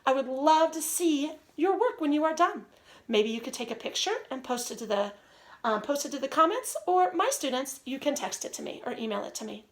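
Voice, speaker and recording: A young adult woman teacher giving a reading lesson to young children, reading aloud slowly in a sing-song way with drawn-out words. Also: high-pitched, animated.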